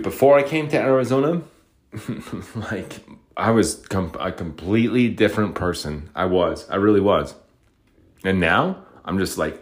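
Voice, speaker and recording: Man from Utah, lowish voice, rambling profane solo rant, fed up. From Utah, USA. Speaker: podcaster.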